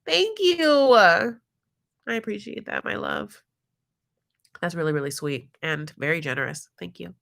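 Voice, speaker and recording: A woman's voice: lowish voice, expressive, measured pace, gravelly, pauses often, fairly bright tone. Sassy, giggly woman host chatting. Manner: chatty, giggly, heavy use of fillers; sassy, calls people honey and my love. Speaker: reality TV recap host. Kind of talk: casual live-stream commentary.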